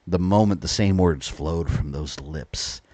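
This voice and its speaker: A man's voice: low-pitched, unhurried, dark tone, no room sound. An American man reading a wistful teenage schoolgirl's note aloud from a horror game, in his own plain voice raised slightly.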